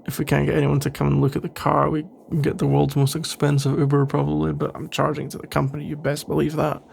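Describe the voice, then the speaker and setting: A man playing a gravelly sarcastic office rival. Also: a little high, monotone, fast talker, a little mellow, slight background noise. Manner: sarcastic, dry and grumbling. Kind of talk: ASMR role-play.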